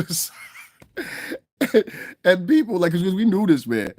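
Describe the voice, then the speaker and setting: A man's voice: sits high, big pitch swings, a little slow, long pauses, a little mellow, no echo. A man ranting on a casual livestream, profane and rambling, constantly asking if you understand and laughing at his own stories. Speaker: livestream commentator.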